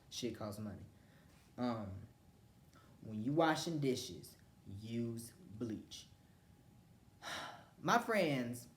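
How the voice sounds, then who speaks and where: A woman's voice: extremely low pitch, a little mellow, slight background noise. A woman rants about her pet peeves in a blunt, profane, emphatic way. She acts out what other people said as she tells it. Her voice bounces around an echoey room. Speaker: vlogger. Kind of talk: casual rant to camera.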